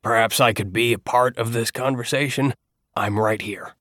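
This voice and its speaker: A man's voice: medium pitch, steady tone, normal speed, a bit bright, no echo, studio quality, natural voice. A man voicing a grouchy older man in an audiobook, curt and wry. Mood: gruff, wry. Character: grouchy old man, gruff and dry.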